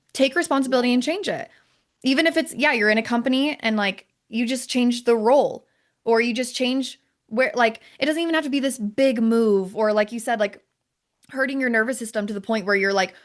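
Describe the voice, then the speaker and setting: A young adult woman hosting a podcast, talking in an animated, casual way with lots of fillers. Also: on the high side. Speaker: podcast host. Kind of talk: casual chat.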